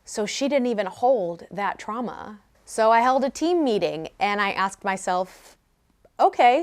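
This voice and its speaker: A young woman tells her own story straight to camera, speaking candidly and now and then cracking self-mocking jokes. Her voice sits at an ordinary middle pitch. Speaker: vlogger. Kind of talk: personal storytelling.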